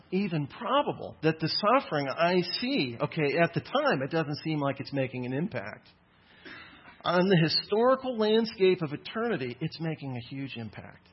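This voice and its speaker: A man in his thirties giving a Christian apologetics talk to an audience, lively and acting out the voices he quotes. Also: on the high side, breathy edge. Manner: animated, acts out quoted voices. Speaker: Christian speaker. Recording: dull lo-fi sound.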